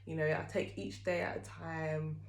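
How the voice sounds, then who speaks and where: A woman's voice: sits low, little pitch movement, normal speed, gravelly. Candid woman vlogging in an echoey room. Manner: chatty and candid, with many fillers. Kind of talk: candid talk to camera.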